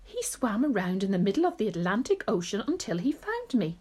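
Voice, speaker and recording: A woman's voice: mid-range voice, sing-song, fairly quick, a little mellow, breathy edge. A woman voicing a vain, dramatic male centipede in a storybook reading, fussy and exclaiming. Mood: breathless.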